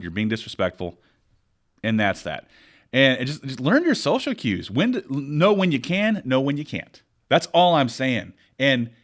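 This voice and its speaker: Animated man ranting on a podcast. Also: mid-range voice. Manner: animated storytelling, rants with emphasis. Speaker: podcast co-host. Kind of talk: casual chat.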